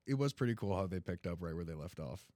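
A young man co-hosting a casual podcast chat, laughing often and shouting out movie-line impressions. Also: deep voice, animated, fast, no room sound, clean studio sound. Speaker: podcast co-host.

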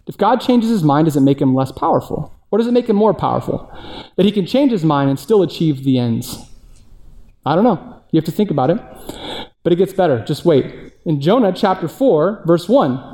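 Man, pastor, sermon, warm mellow tone, rhetorical questions, "right?" tags. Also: high-pitched. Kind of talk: sermon reading and explaining scripture.

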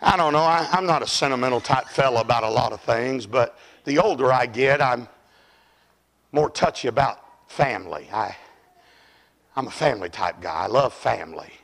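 An older man preaching a fiery revival sermon, shouting high and then dropping to low murmurs. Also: moderate pace, creaky.

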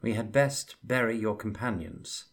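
A man's voice: on the low side, fairly even intonation, unhurried. A man voicing a wary young adventurer.

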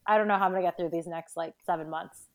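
A tired, pregnant young woman talks fast as a podcast guest, a bit out of breath. Her fairly low voice holds a steady tone, and her casual chatter is full of fillers and laughter.

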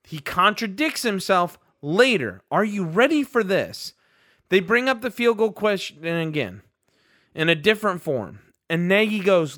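A man co-hosting a sports podcast, heated and ranting, his voice rising into incredulous outbursts. His voice sits high and sounds bright and forceful. The recording is dry and close, with no room sound. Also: animated, measured pace, no echo. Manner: fired-up, ranting, rising to shouts of disbelief. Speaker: podcast co-host.

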